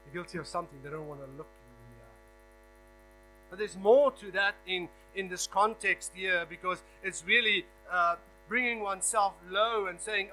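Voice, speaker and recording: A man with a high, piercing, bright voice preaches a sermon as a guest preacher. He drops to a near hush, then presses words hard for stress, often repeating himself as he builds a point. A faint electrical hum sits under the recording. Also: moderate pace, poor audio. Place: church hall.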